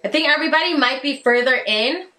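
Young female game streamer, high and bright, excitable and chatty, faint background noise. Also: quick pace. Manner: excitable, chatty, swings from hushed mutters to shouts. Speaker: gaming channel host. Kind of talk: excited live game commentary.

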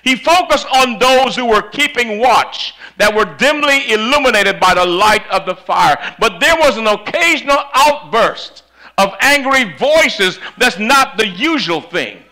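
A man preaching a sermon, telling a story in a dramatic way that swings from loud to hushed, on a microphone that cuts in and out. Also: extremely high pitch, animated, unhurried, rough recording. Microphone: handheld or stand mic that cuts out.

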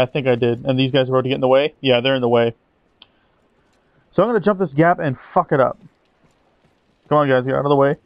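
In a muffled recording with no echo, a medium-pitched man provides sarcastic let's-play commentary over his own gameplay, sounding mock-dramatic and swearing casually.

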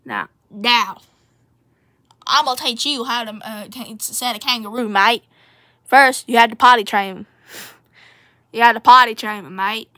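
Woman voicing chatty country character, bright and a bit high, tacks "mate" onto every line. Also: a little slow, pauses often. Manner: ends nearly every sentence with "mate", rambling. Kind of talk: playful home role-play video.

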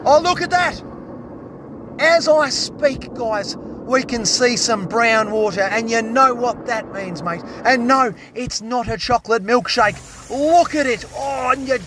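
An Australian man vlogging a plumbing job, excitable and jokey, full of slang and hungover. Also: high-pitched, slight background noise. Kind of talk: casual on-the-job vlog commentary.

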